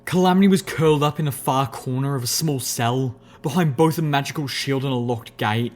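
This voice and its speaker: A man giving a first-person audiobook narration in an expressive, measured storytelling voice. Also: mid-range voice.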